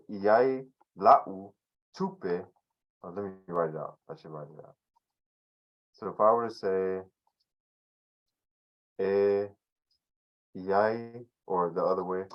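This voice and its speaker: Male teacher, lowish voice, easygoing and rambling over a dull lo-fi video call. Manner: loose and conversational, many fillers and restarts. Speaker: language teacher. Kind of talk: casual online class teaching.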